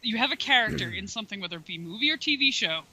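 A woman's voice: mid-range voice, animated, very fast, bright, forceful tone. A young woman co-hosting a podcast, griping bluntly and profanely with exasperation. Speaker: podcast co-host. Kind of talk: casual ranting chat.

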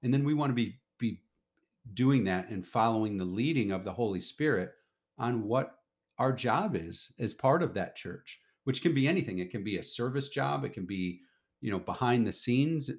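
A man casually teaching a Bible lesson to his family, reading scripture aloud and explaining it in a relaxed, conversational way that turns emphatic at times. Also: fairly low pitch, creaky. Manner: relaxed, conversational, gets emphatic when paraphrasing.

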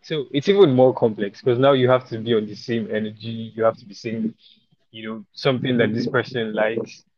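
A man's voice: medium pitch, a little fast, no echo. A young man chatting as a podcast guest, telling stories and acting out other people's lines. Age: young adult. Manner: relaxed storyteller, quotes people in mock voices. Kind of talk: casual chat. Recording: dull, dry sound.

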